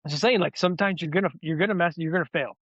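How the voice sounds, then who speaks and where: Guy rattling off a story quick, lots of restarts, sound kinda muffled and dry. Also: on the high side, fairly bright tone, dry recording. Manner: rambling, repeats words as he restarts. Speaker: guest, former soldier turned wellness advocate. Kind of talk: candid personal storytelling. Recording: dull lo-fi audio.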